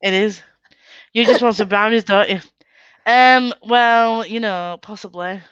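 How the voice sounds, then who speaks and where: A woman's voice: mid-range voice, unhurried, fairly bright tone, clear, resonant tone, dry recording, lo-fi sound. A woman with an English Midlands accent, chatting casually and giggling often, playfully mimicking accents. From England. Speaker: booktube host. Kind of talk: casual video call chat.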